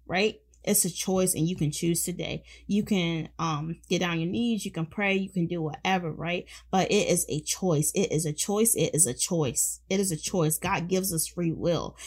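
A woman's voice: lowish voice, normal speed. Fervent young woman preaching to listeners. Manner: fervent and affectionate, repeats phrases, calls listeners honey and baby. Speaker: podcast host. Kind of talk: faith podcast monologue.

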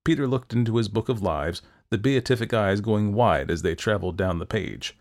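A man narrating a folktale in a steady, expressive storytelling manner. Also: lowish voice, moderate pace.

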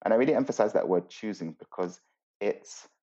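A man speaks as a podcast guest, his voice low and mellow. He explains earnestly and thoughtfully, pausing and restarting as he works through ideas. The audio sounds slightly dull and muffled. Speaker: guest, mindfulness teacher.

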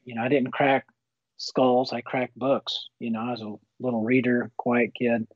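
A man in his fifties, a guest telling his personal faith story in an earnest, animated, folksy way. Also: mid-range voice, normal speed, no echo. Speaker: guest author. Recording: slightly muffled, dull recording.

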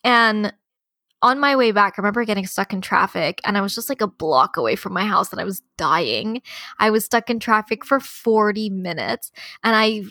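A woman co-hosting a podcast, telling stories in casual, animated chat. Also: medium pitch, normal speed, no room sound, clean studio sound. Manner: chatty, animated storytelling. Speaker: podcast co-host.

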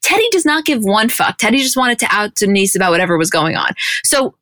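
A woman's voice: mid-range voice, big pitch swings, a little fast, pushed and bright, no echo, clean studio sound. A woman co-hosting a podcast, giving blunt opinions on a reality show and swearing freely. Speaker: podcast co-host. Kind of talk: casual chat recapping reality TV.

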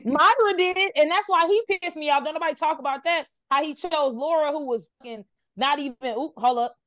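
A woman's voice: high voice, fairly quick, fairly bright tone, no echo, studio quality. A woman co-hosting a podcast in casual group chat, blunt and laughing, talking over a video call. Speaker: podcast co-host.

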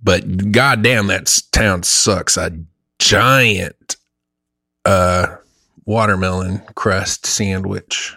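A man co-hosting a comedy podcast, chatting casually with profane jokes and quick asides. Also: low voice, steady tone, gravelly, pushed and bright, no room sound, clean studio sound. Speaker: podcast co-host.

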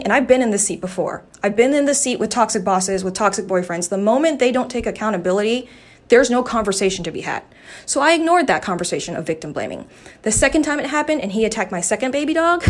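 A woman's voice: medium pitch, quick pace. A podcast host, a woman, shaken and upset, recounting a confrontation with agitated swearing. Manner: agitated, swearing, quoting others in raised voice. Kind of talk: angry personal story.

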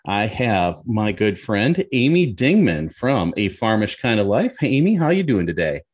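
A man's voice: lowish voice, sing-song, normal speed, slightly rough, dry recording, clean studio sound. A man hosting a podcast, talking in an upbeat, chatty, folksy way. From US Midwest. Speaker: podcast host. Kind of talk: casual podcast chat.

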